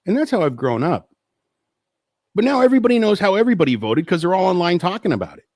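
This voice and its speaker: A man's voice: high-pitched, very animated, fast talker, darkish tone, no room sound, studio quality. A man hosting a live stream, ranting in a profane, exasperated and rambling way. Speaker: host.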